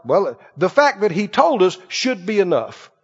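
A man preaching with a high, lively voice that swoops up and down as he tells folksy stories to his congregation. The recording is dull and lo-fi, and his voice rings in a long hall reverb. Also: unhurried, husky. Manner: folksy storytelling, asks the congregation "Right?". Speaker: pastor. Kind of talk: sermon.

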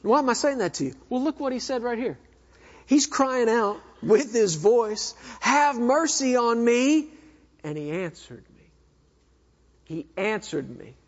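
A man preaching a sermon, asking the congregation questions, dropping to a hush and then rising in bursts. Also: sits high. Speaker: pastor. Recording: dull lo-fi recording.

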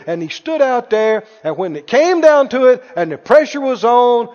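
Male pastor preaching, high lively voice, acts out Bible dialogue, dull reverberant hall recording. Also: normal speed, hardly any pauses. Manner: animated preaching, acting out Bible dialogue, chuckling. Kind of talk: sermon.

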